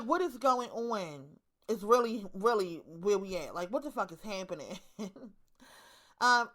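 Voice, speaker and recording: Woman, 30s, Baltimore accent, slightly high voice, blunt, profane monologue with lots of repetition. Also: a bit bright. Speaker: online commentator. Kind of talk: casual monologue to camera.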